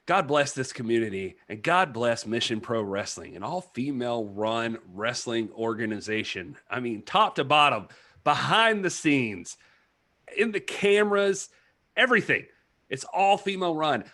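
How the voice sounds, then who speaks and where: A man's voice: medium pitch, expressive, unhurried, fairly bright tone. A man hosting a casual talk show, speaking with energy, laughing often and repeating his words. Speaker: podcast host. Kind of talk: casual chat.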